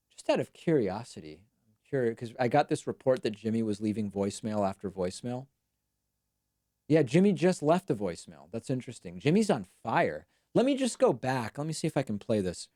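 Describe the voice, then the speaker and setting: A man's voice: mid-range voice, darkish tone, no echo. A man hosting a live stream, giving dry, wry commentary in a casual chatty way.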